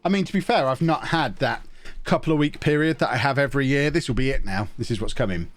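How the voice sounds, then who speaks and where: A man's voice: mid-range voice, fast talker, no room sound, soft background music. A man with a sniffly, stuffed-up nose, chatting casually and rambling through a live stream while he plays a management game.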